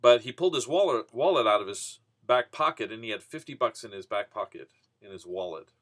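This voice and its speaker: A man's voice: fairly low pitch, animated, fairly quick, a bit bright. A man casually telling a rambling personal story, full of "you know" and restarts. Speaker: vending business vlogger.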